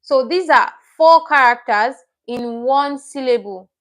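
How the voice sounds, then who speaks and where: A high-pitched, somewhat bright woman's voice moves a little slowly through a livestream lesson. As a Korean language teacher, she patiently breaks everything into steps and repeats each word taught.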